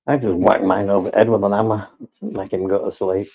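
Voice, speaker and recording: Gravelly, husky man. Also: fairly low pitch, brisk, darkish tone, lo-fi sound. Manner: rambling, sweary, teasing. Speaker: live stream host. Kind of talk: casual live-stream chat.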